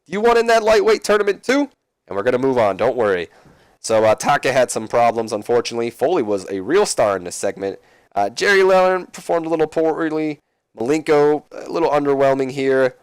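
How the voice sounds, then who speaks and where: A man's voice: mid-range voice, fairly quick, smooth, no room sound. A man casually talking through a wrestling management game, chatty with self-mocking asides. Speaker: let's play host.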